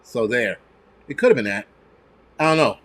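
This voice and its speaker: A man's voice: medium pitch, expressive, normal speed, a bit bright. A man, ranting and swearing loosely on a casual livestream. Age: 40s. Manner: profane, ranting, mocking. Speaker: livestream host.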